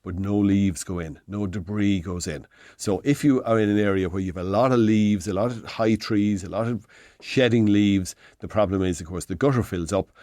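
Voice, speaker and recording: Speaking into a studio mic with no room sound, this Irish hardware expert in his sixties has a low, slightly mellow voice. On the radio show he offers home repair tips in a rambling, self-correcting fashion.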